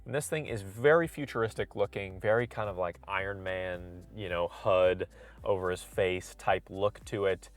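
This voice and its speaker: A man's voice: on the low side, no echo. A man casually walking through a car's features as a reviewer, listing each detail in a conversational way. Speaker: car reviewer. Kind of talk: casual product walkthrough. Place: in and around a car.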